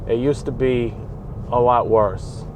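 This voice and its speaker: An aggravated man with a thick New York accent rants into a dash-mounted camera from the driver's seat. His voice sits at an ordinary middle pitch, and a faint hum of road and street noise runs under it inside the car. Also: steady tone, slow pace. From New York, Bronx. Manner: aggravated, ranting, talks back at traffic. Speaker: vlogger. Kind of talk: ranting vlog while driving. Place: inside a car on city roads. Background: traffic and street noise.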